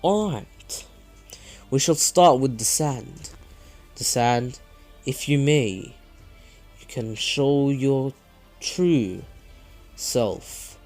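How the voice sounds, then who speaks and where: A man's voice: mid-range voice, lively intonation, extremely slow, long pauses, darkish tone, soft background music. A man voicing a grave, posh masked leader. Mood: formal.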